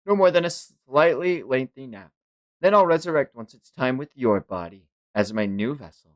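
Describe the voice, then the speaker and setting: A man's voice: medium pitch, animated, moderate pace, close to an everyday voice. A man voicing an arrogant, ancient male villain god who talks with contempt and barks commands. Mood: scornful.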